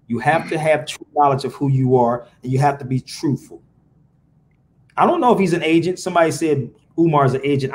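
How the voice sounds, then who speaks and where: A man's voice: a little high, fairly quick, slight background noise. A man hosting a live podcast, ranting profanely and firing rhetorical questions at his viewers. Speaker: podcast host. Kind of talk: casual live-stream rant.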